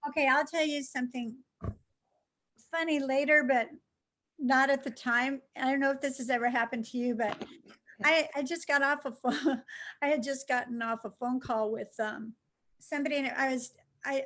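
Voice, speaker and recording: A high-pitched middle-aged woman spinning a casual story as a guest. She tells it with animation and keeps breaking into laughter. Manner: animated, laughs through her stories. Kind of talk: casual anecdote telling.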